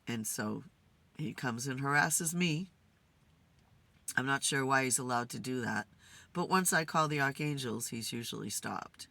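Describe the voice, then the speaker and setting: A woman host talking to spirits in a casual, musing way, tired and low on energy. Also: animated, measured pace, creaky, bright, forceful tone, no room sound. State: tired, yawning. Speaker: spirit communicator and channel host. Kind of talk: casual spirit session monologue. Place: in a car.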